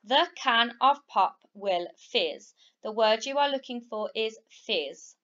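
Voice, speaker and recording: Woman teacher doing phonics, super slow, sounds out letters then blends, cheery praise, kinda high voice. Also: animated, fairly bright tone. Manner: upbeat, encouraging praise. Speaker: primary school teacher. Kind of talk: phonics lesson for young children. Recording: slightly dull, lo-fi recording.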